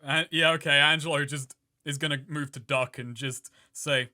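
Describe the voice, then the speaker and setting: Easygoing male player, bright voice. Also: a little high, steady tone, normal speed. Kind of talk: casual tabletop play.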